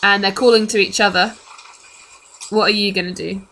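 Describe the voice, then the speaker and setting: A woman's voice: medium pitch, fairly even intonation, normal speed, bright, forceful tone, a little hiss or hum, low-quality recording. A woman, narrating casually as the game master of a tabletop game. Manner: casual, chatty, laughs often.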